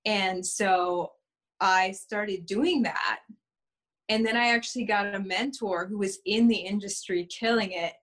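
Woman journalist speaking clearly. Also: mid-range voice, steady tone, a bit bright. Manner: clear, measured, enunciated. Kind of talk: interview answers.

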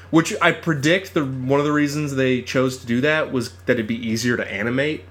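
A man's voice: medium pitch, normal speed, few pauses. Enthusiastic male podcast co-host. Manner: enthusiastic, animated film talk. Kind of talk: casual chat.

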